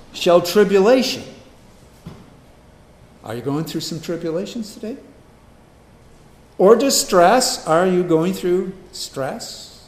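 A man preaching a sermon, swinging from hushed asides to loud, emphatic questions. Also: fairly high pitch, roomy sound. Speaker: pastor.

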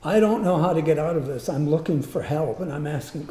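A man preaching as he tells a personal story, earnest and animated. His voice is fairly high but soft and mellow. The room around him is roomy and echoey. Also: a little fast. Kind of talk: personal story told in a sermon. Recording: roomy echo.

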